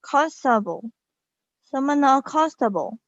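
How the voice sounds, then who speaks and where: Storybook: woman doing a haughty old queen, imperious, lifted pitch, dry and dull sound. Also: animated, slow, no echo. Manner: imperious, demanding. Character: haughty old queen speaking through a boy.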